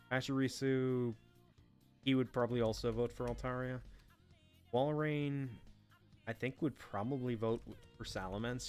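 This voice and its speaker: A man's voice: medium pitch, clean tone. A young man casually narrating a fan-made game, thinking aloud with fillers and offhand swearing. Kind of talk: casual unscripted commentary.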